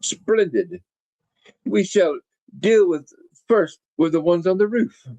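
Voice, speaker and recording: A man's voice: sits high, animated, takes it slowly, warm tone, pitched above the performer's own voice, full character voice, low-quality recording. A man voicing a haughty, commanding villainess with a clumsy attempt at a foreign accent.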